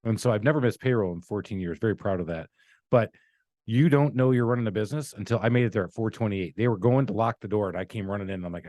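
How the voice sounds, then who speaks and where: Blunt, lively middle-aged male podcast host. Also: lowish voice, fast talker, dry recording, clean studio sound. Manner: blunt, swears freely, tells stories animatedly. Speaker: podcast host, contractor business owner. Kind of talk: casual podcast chat.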